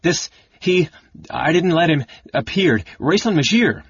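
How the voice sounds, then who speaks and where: A man's voice: on the high side, animated, a little slow, breathy edge, no room sound, lo-fi sound, pitched above the performer's own voice, heavily acted. A man voicing a fussy, timid male library scholar who gets indignant and stammers when flustered.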